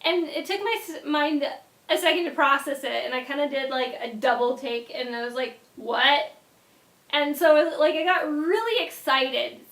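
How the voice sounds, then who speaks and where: A young woman vlogger telling a casual story in an animated way, often dropping into quiet asides. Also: sits high, moderate pace, roomy sound.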